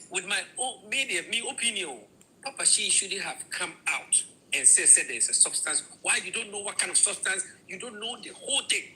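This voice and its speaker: A woman's voice: on the low side, bright, forceful tone, slight background noise, poor audio. A woman with a Ghanaian accent, switching between Twi and English in a heated, swearing opinion rant.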